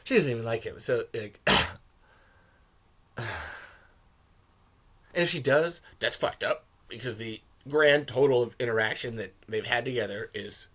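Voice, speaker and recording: A man hosting a podcast, reviewing a film in a casual, profane and rambling rant that turns excitable. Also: medium pitch, a little slow, long pauses. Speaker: podcast host.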